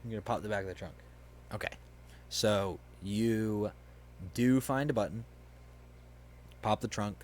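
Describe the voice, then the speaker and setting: A man's voice: on the low side, darkish tone. A man acting as game master, casually narrating a hypothetical scenario and chuckling at the player's choices. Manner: casual, chuckling, quick to play characters.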